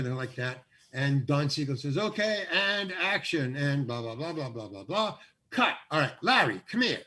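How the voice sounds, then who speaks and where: An older man telling a story as a guest, acting out what other people said. His voice swings widely in pitch and has a husky edge. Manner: animated, acts out other people's lines. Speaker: guest actor. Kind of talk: storytelling anecdote in an interview.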